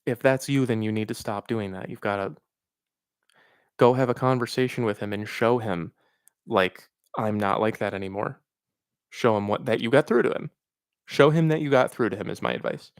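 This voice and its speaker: A man hosting a live question-and-answer stream, reading out viewer questions and giving frank, reflective advice with pauses and fillers. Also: mid-range voice, smooth, dry recording, studio quality. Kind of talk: casual livestream Q&A.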